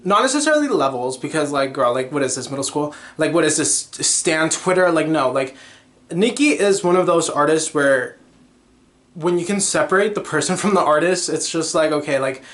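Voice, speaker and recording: Young guy rambling on his podcast, kinda high voice, gushy and excitable. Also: normal speed. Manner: chatty, gushing, lots of "like" and sung snippets. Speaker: podcast host. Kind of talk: casual solo chat.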